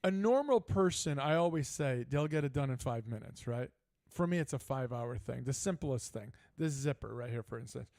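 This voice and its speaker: An older man hosting a live sports talk show, telling stories in a casual, animated way. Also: medium pitch, moderate pace, gravelly, few pauses, dry recording, clean studio sound. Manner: storytelling, animated, laughing asides. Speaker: host. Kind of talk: casual chat.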